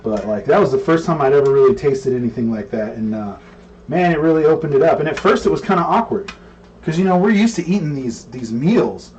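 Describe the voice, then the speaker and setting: A man and cook, co-hosting and telling a story in a relaxed, rambling way with plenty of fillers. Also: a little high, fairly quick, lo-fi sound, slight background noise. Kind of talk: casual storytelling. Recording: distant mic with faint room ambience.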